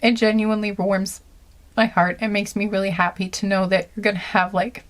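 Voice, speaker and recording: A woman talks through an intuitive reading in a relaxed, meandering monologue. She is gentle and earnest, and she keeps pausing to search aloud for the right words. Her voice sits in a comfortable middle pitch. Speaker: intuitive card reader.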